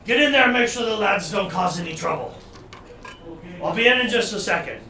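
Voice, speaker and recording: A man voicing a gruff male giant leader who barks orders in loud commanding shouts. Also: high-pitched, animated, brisk, roomy sound, recorded from a distance, voice pushed up, full character voice. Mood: shouting orders.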